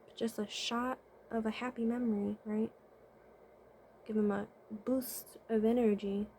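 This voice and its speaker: This woman's fairly high, mellow voice stays level and a little slow, with slight background noise present. A vlogger and spiritual consultant, she chats to camera giving life advice, asking rhetorical questions and checking in with "right?" She often hums "mm-hmm" while thinking aloud.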